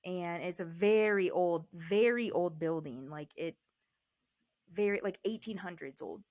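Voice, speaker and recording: A woman co-hosting a podcast, telling lively stories with a lot of swearing and teasing. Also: lowish voice, a little slow. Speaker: podcast co-host. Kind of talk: casual chat.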